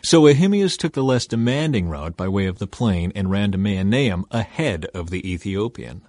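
A man narrating a Bible passage in a measured, solemn reading style. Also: medium pitch, a little mellow, no echo, studio quality. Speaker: Bible reader. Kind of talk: scripted narration.

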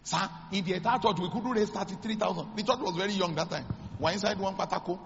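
A Nigerian pastor with a slightly high voice tells a story in the middle of a sermon and acts out each line of dialogue. The sound is dull, with a long church-hall echo and faint noise behind him. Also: male voice, quick pace. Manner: dramatic storytelling, acting out dialogue with sudden high exclamations.

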